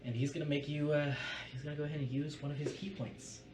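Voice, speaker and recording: A man as game master, calmly calling out attack rolls and damage numbers and describing the blows. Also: fairly high pitch, fast, very noisy. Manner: methodical, calls out dice rolls and damage numbers. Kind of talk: running a tabletop game. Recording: roomy, distant mic with music behind. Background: music.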